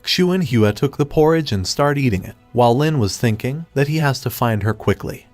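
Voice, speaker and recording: A man narrating a scripted comic recap in a steady, even storytelling read. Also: mid-range voice, normal speed, faint music behind.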